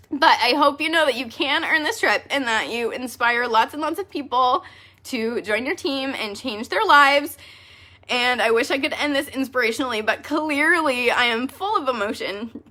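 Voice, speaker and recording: A woman with a bright, fairly high voice talks to her team in a casual vlog. She keeps choking up and sounds tearful. She laughs it off, teases herself and pushes on. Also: normal speed. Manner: emotional, self-deprecating, laughing through tears. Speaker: direct sales team leader.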